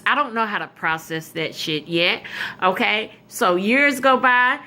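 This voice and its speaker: A woman tells a story from her own life in a loose, profane, animated way, often checking in with her listeners. Her voice is bright and forceful, and she stays at a middle pitch. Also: measured pace. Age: adult. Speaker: vlogger. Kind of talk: storytime vlog.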